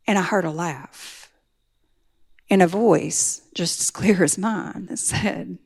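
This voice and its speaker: Her voice low, slow, creaky, husky and darkish in tone, a middle-aged woman recounts her recovery. The testimony is earnest and climbs to a pleading pitch of intensity.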